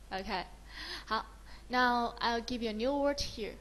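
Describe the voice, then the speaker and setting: High-voiced Chinese-accented woman teaching slowly. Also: sharp tone, rough recording. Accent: Mandarin Chinese. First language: Mandarin Chinese. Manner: mixes English with Mandarin, praises often. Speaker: Mandarin teacher. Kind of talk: slow, encouraging beginner lesson.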